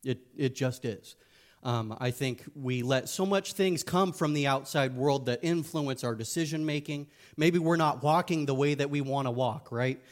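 A man's voice: mid-range voice, moderate pace. A man giving a casual sermon as a youth pastor, joking and speaking frankly.

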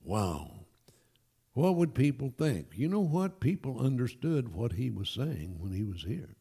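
Animated man preaching a sermon. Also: mid-range voice, a little slow, breathy edge. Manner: animated, emphatic, with folksy asides. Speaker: pastor. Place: church.

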